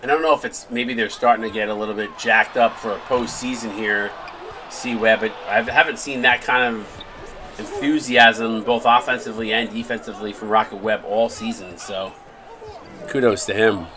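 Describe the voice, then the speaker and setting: Excitable male play-by-play caller. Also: on the low side, normal speed, background noise. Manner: excitable, shouts on big shots. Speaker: play-by-play commentator and streamer. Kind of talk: live play-by-play commentary.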